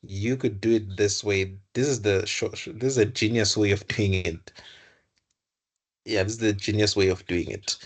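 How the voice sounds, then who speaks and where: A man's voice: fairly low pitch, fairly even intonation, moderate pace. A young man tutoring computer science, explaining code aloud, often correcting himself and repeating words. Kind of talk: live coding lesson.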